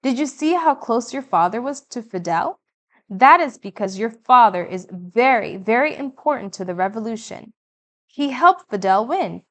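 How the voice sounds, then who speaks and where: A woman's voice: fairly high pitch, expressive, normal speed, close to an everyday voice. A woman reading aloud the lines of an eager Cuban mother devoted to the revolution. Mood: insistent. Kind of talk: audiobook reading.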